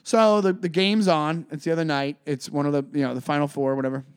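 A man with a fairly high voice co-hosts a podcast and tells a long story in a loose, casual way. He is animated and jumps much higher whenever he acts out what other people said. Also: fast, clean tone. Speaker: podcast co-host and comedian.

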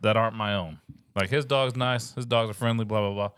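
A male podcast co-host and police officer, telling profane, animated stories in casual chat. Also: fairly low pitch, brisk, clear, resonant tone, no room sound, clean studio sound. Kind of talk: casual storytelling over drinks.

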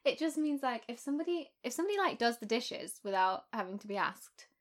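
A woman's voice: on the high side, expressive, fast. A young woman co-hosting a podcast, chatting casually and rambling with frequent laughter. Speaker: podcast co-host. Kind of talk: casual chat.

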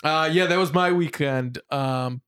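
Young Midwestern guy, co-host, higher-pitched, animated storyteller who does voices. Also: measured pace, smooth. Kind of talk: casual chat.

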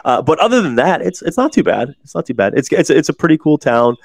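A man's voice: a little high, sing-song, fast talker, gravelly, a little mellow, no room sound. A man in his forties hosting a casual podcast chat, rambling and swearing, with lots of restarts. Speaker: podcast host.

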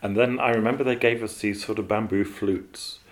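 A man with a very low voice recalls his years as an animator in a relaxed interview. He wanders through his stories, trailing off with ums and starting over mid-sentence. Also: a little fast. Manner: rambling, with many fillers and restarts. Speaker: animator guest. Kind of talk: interview storytelling.

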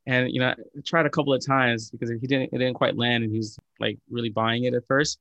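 An earnest man talks through his thoughts in a loose, reflective ramble, full of likes and self-corrections. His voice sits at a middle pitch. The recording is dry and close. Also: flat delivery, quick pace, creaky, fairly bright tone, dry recording. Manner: earnest, reflective, many filler likes and restarts. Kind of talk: casual chat.

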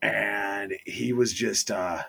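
A man's voice: lowish voice, takes it slowly, creaky, slightly rough. A man co-hosting a podcast, telling stories in a casual chat and acting out the quotes. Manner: animated, acts out quotes.

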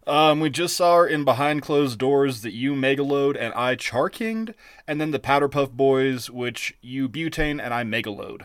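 A man with a voice in the middle of the usual range co-hosts a casual podcast, telling an animated story at a chatty clip. His voice is recorded dry and close, with no room sound. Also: mid-range voice, normal speed, clean tone, no room sound. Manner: animated storyteller, acts out quotes. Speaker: podcast co-host.

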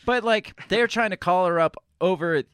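A man's voice: high voice, normal speed, fairly bright tone, clear, resonant tone, no echo, clean studio sound. A man hosting a casual podcast, reacting to clips in loose, profane talk. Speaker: podcast host.

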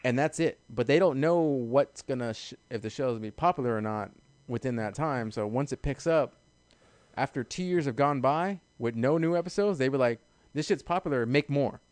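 A man's voice: mid-range voice, moderate pace, darkish tone, no room sound. A man chatting casually about cartoons and TV, rambling, swearing often and laughing. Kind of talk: casual podcast chat.

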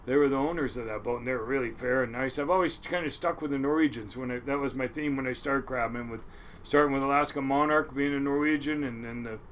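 A man's voice: mid-range voice, fast talker, a bit bright, slight background noise. A middle-aged man, a longtime crab fishing captain, telling stories in a rambling, profane way and laughing often. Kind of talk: casual storytelling interview.

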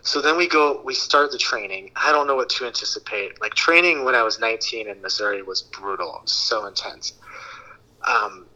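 Bright-voiced man in his thirties telling stories. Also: mid-range voice, moderate pace, poor audio. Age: 30s. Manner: animated storyteller who acts out quoted voices. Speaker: guest. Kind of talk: casual storytelling in a podcast interview.

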